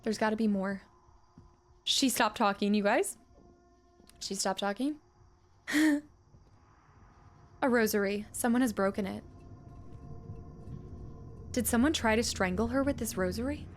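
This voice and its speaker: A woman's voice: mid-range voice, unhurried, long pauses. A woman game streamer chatting casually and giggling with her viewers. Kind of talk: casual live-stream chat.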